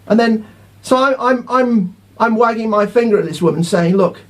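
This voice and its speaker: A man's voice: high voice, moderate pace. A middle-aged man giving an indignant, rambling monologue to camera as a vlogger, repeating himself as he goes.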